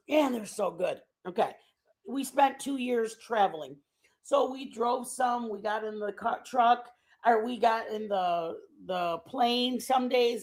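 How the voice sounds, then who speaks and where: Chatty woman telling a story. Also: a little high. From Texas. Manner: animated, chatty, laughs often. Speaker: stream host. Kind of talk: casual storytelling chat.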